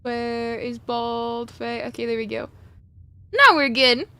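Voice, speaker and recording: A young woman streams a game and chats with viewers, repeatedly greeting them, her speech slightly muffled by a cough drop. Her voice is somewhat high, slow, sharp, and clean, with fairly even intonation.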